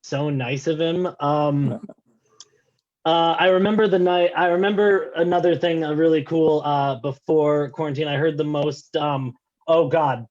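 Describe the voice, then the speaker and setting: A man's voice: a little high, steady tone, a little slow, darkish tone. A man doing a stand-up set over a video call, self-deprecating and rambling with lots of filler words. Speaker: stand-up comedian. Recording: slightly dull lo-fi call audio.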